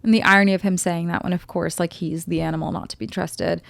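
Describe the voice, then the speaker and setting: A woman reviewing a film in casual chat, retelling scenes expressively and dropping into quick voices for the characters. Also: lowish voice, gravelly, dry recording. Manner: chatty, expressive, quotes characters in little voices. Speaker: movie reviewer.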